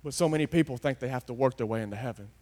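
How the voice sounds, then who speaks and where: A man preaching a folksy sermon, swinging from hushed asides to loud, emphatic declarations. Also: medium pitch, very fast. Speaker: pastor.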